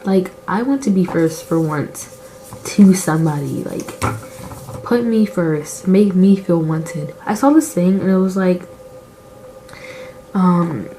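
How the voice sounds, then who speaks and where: A woman's voice: on the low side, takes it slowly, long pauses, warm tone, a little hiss or hum, poor audio. A girl in her late teens chatting casually while doing her makeup, rambling and confessional, with lots of "like" fillers. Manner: candid and emotional about her feelings. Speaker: beauty vlogger.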